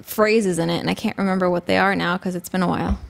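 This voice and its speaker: A woman's voice: fairly low pitch, fast, gravelly. A young woman in her twenties, a gaming streamer, chatting playfully and reading out viewer questions. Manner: playful, lively, reads out chat questions. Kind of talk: casual gameplay chat.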